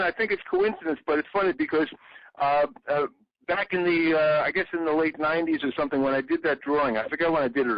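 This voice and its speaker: Animated older-sounding man telling stories. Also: fairly high pitch, dry recording. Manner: animated storyteller, acts out quotes. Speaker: interview guest; exhibit designer. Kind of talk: casual interview. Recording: dry, muffled audio.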